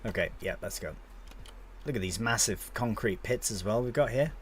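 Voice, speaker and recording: A man's voice: fairly low pitch, normal speed, slight background noise. A young man casually commentating his gameplay on a live stream, chatting to viewers and swearing now and then.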